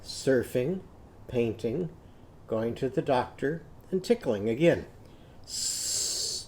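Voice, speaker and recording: Slow, patient male phonics teacher. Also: mid-range voice, lively intonation, warm tone, slight background noise. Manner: patient, sounds out words slowly for young learners. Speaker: literacy teacher. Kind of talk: children's phonics lesson.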